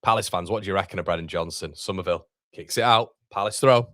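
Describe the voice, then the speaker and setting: A man's voice: sits low, fast, a bit bright, dry recording, clean studio sound. A young man hosts a live football watchalong. He chats casually, reads viewer comments aloud and calls people mate. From Yorkshire, England. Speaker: watchalong streamer.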